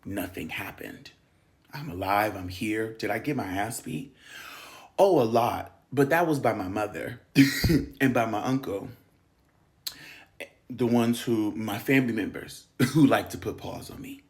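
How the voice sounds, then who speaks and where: Man, 30s, from LA. Gravelly, low-set voice, emphatic confessional talk with whispered asides. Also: unhurried, long pauses. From South Central Los Angeles. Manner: emphatic, dips into whispers, laughs often. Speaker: spiritual channel host. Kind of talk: candid personal monologue.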